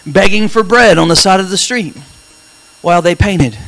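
A male pastor delivering a dramatic church sermon, calling out to the congregation for responses and swelling into shouts. His voice sits unusually high for a man, bright and forceful. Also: normal speed, creaky. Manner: call-and-response preaching, dramatic, rising to shouts.

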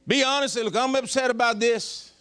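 A pastor preaching a folksy, joking sermon. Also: male voice, extremely high pitch, steady tone, brisk, a bit bright, smooth.

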